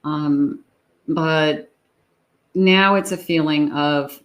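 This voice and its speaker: Middle-aged lady chatting through a tarot reading, lowish voice, acts out the lines she quotes. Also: expressive, extremely slow, long pauses. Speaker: tarot reader. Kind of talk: casual tarot reading monologue.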